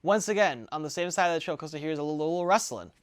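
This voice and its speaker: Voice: medium pitch, lively intonation, racing, a little hiss or hum. A game master casually narrating a tabletop session, with plenty of ums and restarts.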